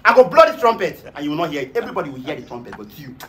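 A man with a Nigerian accent playing a boastful, hot-tempered hired trumpeter in a comedy skit, loud and quarrelsome. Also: on the high side, sing-song, rapid-fire, background noise. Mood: threatening. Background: music.

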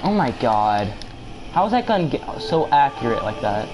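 A man's voice: medium pitch, sing-song, moderate pace. A young man chatting loosely and joking with teammates as he streams a shooter game live. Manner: loose, joking, talks to teammates while playing. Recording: clear background game noise.

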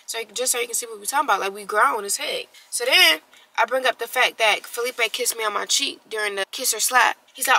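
Young woman, storytime vlog, slangy, animated, bright tone. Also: on the high side, fairly quick, poor audio. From Texas. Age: young adult. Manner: animated, slangy, acts out quotes. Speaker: vlogger. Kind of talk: casual storytime.

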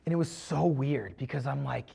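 A man's voice: mid-range voice, normal speed, gravelly, mellow, husky. A young man telling his own story on a podcast, earnest and confessional, rambling with many fillers and restarts. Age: young adult. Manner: rambling, heavy use of "like" and restarts. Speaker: podcast guest.

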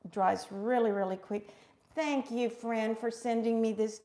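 A woman's voice: on the high side, steady tone, unhurried, dark tone. A middle-aged woman hosting a live craft stream, bubbly and chatty, calling her viewers friends. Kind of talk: casual live craft demo chat.

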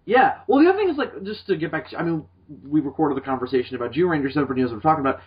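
A man's voice: on the high side, expressive, very fast, slight background noise. A young man hosting a podcast in casual chat, rambling and swearing often. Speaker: podcast host. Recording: dull lo-fi podcast audio.

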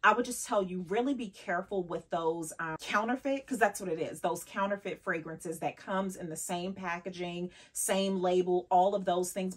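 Chatty husky woman vlogger. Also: fairly low pitch, bright, forceful tone. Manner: chatty, laughs often, sprinkles in French phrases. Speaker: lifestyle vlogger. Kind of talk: casual vlog chat.

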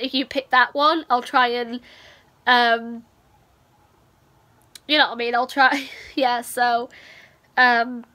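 A woman's voice: high-pitched, pushed and bright. A young woman, chatting casually to camera as a vlogger, rambling with lots of restarts and a cough.

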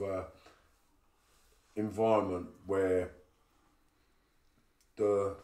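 A man's voice: on the low side, roomy sound, recorded from a distance. A man hosting a podcast, asking blunt, chatty questions in a casual interview. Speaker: podcast host.

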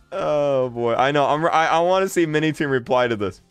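A man's voice: on the high side, clean tone, no echo. A man streaming live and reading his chat aloud. He is exasperated, repeats himself, stammers and breaks into laughs. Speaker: livestreamer. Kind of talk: livestream chat commentary.

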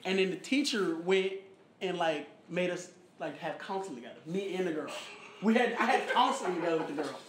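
A young man in his early twenties telling a personal story in casual conversation, animated and acting out what people said, often asking "you know what I'm saying". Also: sits high, fairly quick. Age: young adult, about 21. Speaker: interviewee in a photo project. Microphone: recorded conversation played back in the talk. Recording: echoey room with faint background noise.

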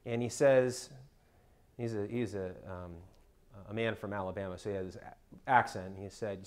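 A man's voice: fairly low pitch, fairly even intonation, normal speed. A spine surgeon, a man, giving an educational talk for patients, explaining step by step and often checking in with "okay?".

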